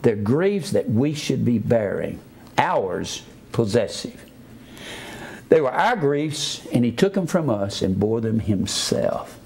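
A man preaching a sermon, spelling out words letter by letter and swinging between low asides and raised emphatic preaching. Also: very animated, slow pace, gravelly, darkish tone, slightly rough.

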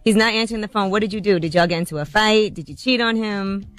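A woman co-hosting morning radio, delivering the news steadily and then steering a caller with practical questions. She keeps an even, down-to-earth tone, with faint music in the background. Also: medium pitch, fast talker. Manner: steady, practical, laughs easily. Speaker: radio co-host.

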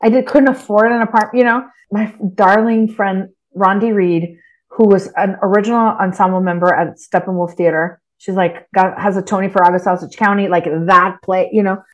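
A middle-aged woman from Texas, a writer on a podcast, talking in casual interview chat, animated, swearing freely and laughing often. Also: mid-range voice, a little fast.

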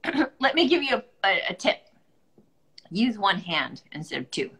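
A woman's voice: mid-range voice, big pitch swings, normal speed, a bit bright, low-quality recording. A tired young woman in a casual how-to chat, patiently explaining baking steps with a playful edge. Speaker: actress showing how to bake bread.

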